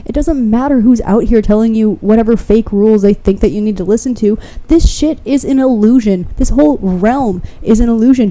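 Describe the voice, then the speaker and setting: A woman gives a pick-a-card tarot reading, speaking straight to the viewer with blunt, fervent encouragement and plenty of swearing. Her voice sits a little high, yet its tone is deeply mellow and dark. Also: animated, a little fast, few pauses.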